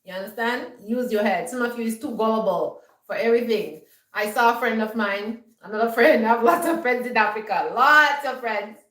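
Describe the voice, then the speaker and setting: A woman's voice: on the high side, moderate pace, fairly bright tone, reverberant, distant mic, poor audio. A woman vlogger giving an emphatic, scolding monologue and often checking that her viewers understand. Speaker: homestead vlogger. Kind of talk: lecturing monologue.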